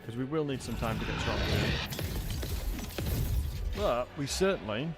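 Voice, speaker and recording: A relaxed English man with a non-southern accent commentates on a live game stream in a loose, chatty way. His pitch sits in a middling range, and steady music plays behind him. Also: moderate pace. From England. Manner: chatty, greets chat viewers by name. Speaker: gaming livestreamer.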